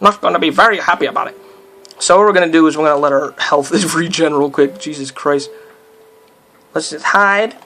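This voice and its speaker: A man from the United States talks over his own survival gameplay, drifting from topic to topic with plenty of fillers. His voice sits a little high and rings bright and forceful, and he breaks off now and then with startled yelps at what happens on screen. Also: fairly quick. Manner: rambling, loose talk full of fillers. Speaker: let's player. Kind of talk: casual gameplay commentary.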